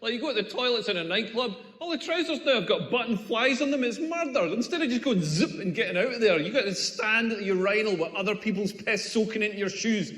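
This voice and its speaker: A Scottish man performs stand-up, his voice pitched high as he rants sardonically and mocks the people he quotes. He is on a stage microphone in a club room with a long, echoing reverb. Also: animated, quick pace, few pauses, a bit bright. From Scotland. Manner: sardonic, exasperated ranting with mocking quoted voices. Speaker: stand-up comedian. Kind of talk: stand-up comedy set.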